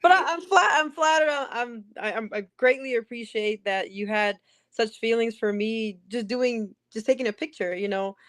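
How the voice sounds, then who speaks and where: Chatty Jersey woman, fairly high voice. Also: moderate pace, fairly bright tone. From New Jersey. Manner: chatty storyteller with many restarts. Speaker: podcast guest, ring announcer. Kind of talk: casual interview chat.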